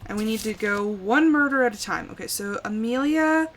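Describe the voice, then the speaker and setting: A young woman streaming a horror game live, working slowly through puzzles and breaking into frightened exclamations. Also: on the high side, lively intonation, a bit bright. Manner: jumpy, frightened exclamations between slow puzzle-solving. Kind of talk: live gameplay commentary.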